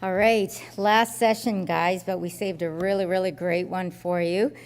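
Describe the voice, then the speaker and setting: A woman with a fairly low voice introduces the next speaker in an upbeat, playful tone. Long reverb from the conference hall trails her words. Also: fairly even intonation, measured pace, a little hiss or hum. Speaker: session host.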